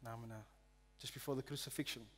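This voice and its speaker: A man preaching a sermon in a church hall, reading scripture earnestly and dropping to a hush on solemn lines. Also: mid-range voice, fairly even intonation, fast talker. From South Africa. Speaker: pastor.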